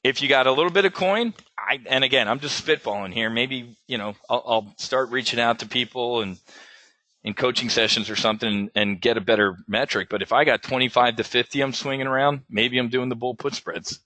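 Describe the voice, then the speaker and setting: A man's voice: medium pitch, brisk, bright, forceful tone, no room sound. A man hosting a casual live webinar as an options trading coach, stammering and repeating words, blunt and salty, with pilot slang.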